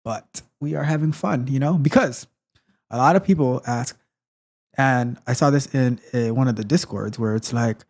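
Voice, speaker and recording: A man's voice: mid-range voice, normal speed, darkish tone. A man hosting a live tech tutorial stream, chatting casually and greeting viewers in the chat. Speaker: host.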